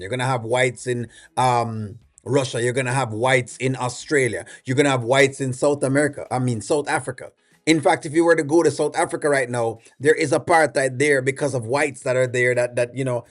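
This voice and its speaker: A man with a Jamaican accent hosting a reaction video, giving rambling, opinionated commentary full of fillers. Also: medium pitch. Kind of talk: casual commentary.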